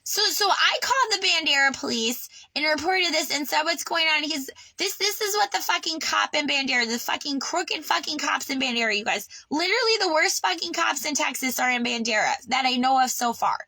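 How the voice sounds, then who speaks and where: A woman tells her story to camera in a raw personal vlog, worked up and swearing freely. She stumbles and restarts her sentences as she talks. Her voice is high and bright, and the sound is close and dry. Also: animated, a little fast, hardly any pauses, no echo, rough recording. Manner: agitated, swearing, stammering restarts. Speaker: vlogger. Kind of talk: unscripted personal vlog rant. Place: on her sailboat.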